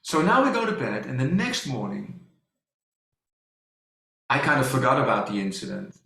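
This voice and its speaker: A man giving a presentation and telling a personal story to an audience, halting, with many restarts and fillers. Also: medium pitch, wildly swooping pitch, creaky, pushed and bright. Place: presentation hall. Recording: echoey room.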